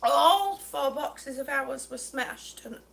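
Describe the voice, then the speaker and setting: Her voice is high-pitched and creaky, animated yet slow. The vlogger vents an exasperated story to her viewers on camera, fumbling words and breathless.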